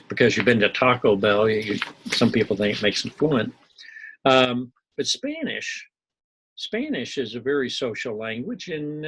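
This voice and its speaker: Rambling professor with a husky, bright voice. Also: male voice, mid-range voice, rough recording. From Missouri. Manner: rambling, folksy, digressive with asides and small jokes. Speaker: university instructor. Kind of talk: recorded lecture commentary.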